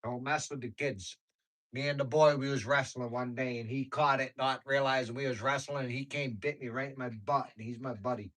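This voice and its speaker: This male livestream host speaks fairly quickly in a mid-range, slightly bright voice with fairly even intonation. He rambles through stories with viewers, using slang and laughing frequently, and the audio is rough.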